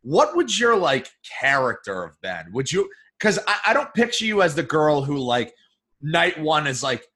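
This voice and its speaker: A man's voice: fairly high pitch, big pitch swings, moderate pace, bright, forceful tone, husky. A man co-hosting a podcast, teasing his co-host in casual, playful banter.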